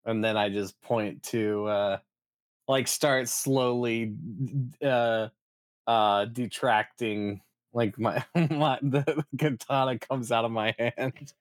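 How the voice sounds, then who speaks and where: A man playing a tabletop game, talking haltingly with many fillers. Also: mid-range voice, fairly even intonation, no room sound. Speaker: player.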